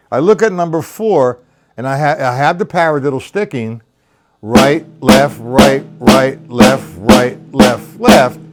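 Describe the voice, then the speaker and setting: A man teaching a live-streamed drum lesson. He counts rhythms aloud, calls out stickings and talks to viewers by name. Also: fairly high pitch. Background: drum kit.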